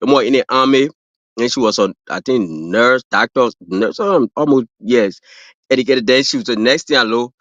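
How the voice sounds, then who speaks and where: Guesting on a livestream, a man from Africa speaks with an African accent in a mid-range, fairly bright voice at a moderate pace. He rambles casually through fillers and restarts and laughs at his own stories, heard through dull, dry lo-fi stream audio without echo.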